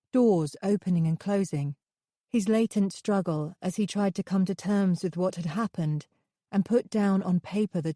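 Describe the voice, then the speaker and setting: A woman narrating a thriller audiobook in the first person, with steady, measured storytelling. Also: on the low side, no echo, clean studio sound.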